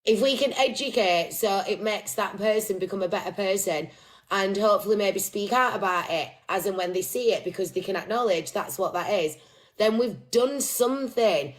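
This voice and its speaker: A woman's voice: mid-range voice, moderate pace. Blunt, swearing woman host. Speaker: livestream host. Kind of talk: casual live-stream chat.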